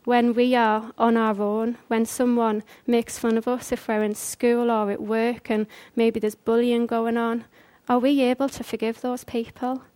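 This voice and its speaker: A woman's voice: a little high, level tone, a little slow, few pauses, darkish tone. A woman preaching a conversational sermon, earnest and full of rhetorical questions.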